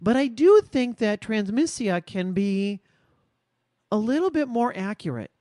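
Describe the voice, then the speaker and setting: A woman co-hosting a podcast, telling a personal story in a measured, reflective, earnest way. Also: a little high, sing-song, mellow, no echo, clean studio sound. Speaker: podcast co-host. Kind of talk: casual podcast conversation.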